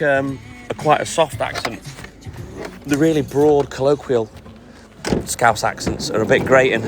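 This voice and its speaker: A man on his milk round chatting casually with live-stream viewers, greeting them by name. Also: medium pitch. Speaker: livestreaming milkman. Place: delivery vehicle on a milk round. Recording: music playing behind.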